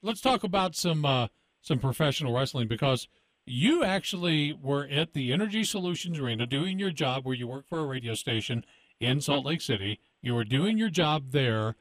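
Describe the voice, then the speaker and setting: A man's voice: a little high, no room sound. A man hosting a casual interview on a podcast, teasing and joking with his guest. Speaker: podcast host.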